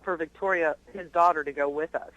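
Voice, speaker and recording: A woman's voice: deep voice, fairly even intonation, brisk, a bit bright, muffled recording. A woman calling in to a radio talk show, asking eager questions one after another. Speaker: caller.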